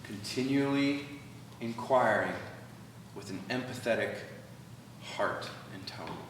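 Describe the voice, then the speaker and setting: A man leading a church workshop, animated and acting out quoted dialogue. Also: lowish voice, slow pace. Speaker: workshop speaker. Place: church hall. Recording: echoey hall from far off, noisy.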